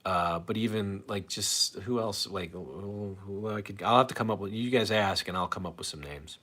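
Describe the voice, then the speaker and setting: A man's voice: on the low side, moderate pace, a bit bright. A man hosting a casual live stream, rambling in a self-deprecating way as he reads viewer comments aloud. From St. Louis area, USA.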